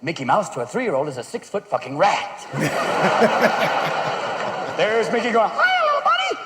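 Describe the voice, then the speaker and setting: A man performing a stand-up comedy routine on stage, manic and rapid-fire, darting into silly voices, recorded live with a roaring audience. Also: sits high, expressive, heavy background noise. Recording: roomy live show recording, loud audience laughter.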